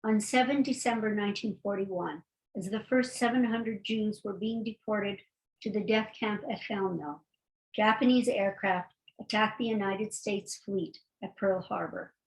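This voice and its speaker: A woman presenting readings from a historian's books, reading passages in a measured, deliberate way with halting asides between them. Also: medium pitch, poor audio. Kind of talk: reading aloud from books with brief spoken asides.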